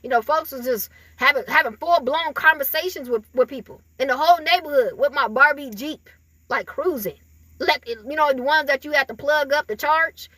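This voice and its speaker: Woman, high voice, bright tone, chatty and rambling, casual spiritual reading, dry close sound. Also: moderate pace, no echo. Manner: chatty and rambling, with frequent fillers and laughs. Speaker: spiritual reader.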